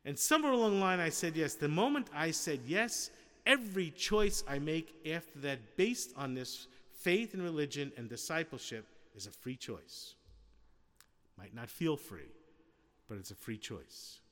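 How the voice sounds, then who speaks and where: A man's voice: a little high, animated, moderate pace, fairly bright tone, in a large hall. A man preaching a sermon in a conversational way, asking the congregation questions and acting out little scenes. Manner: conversational, with rhetorical questions and acted-out quotes.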